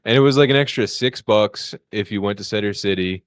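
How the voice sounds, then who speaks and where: A man's voice: brisk, clear, resonant tone. A man co-hosting a comedy podcast who tells casual stories and acts out the people in them. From Philadelphia area. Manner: chatty, acts out the people in his stories in a higher voice. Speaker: podcast co-host.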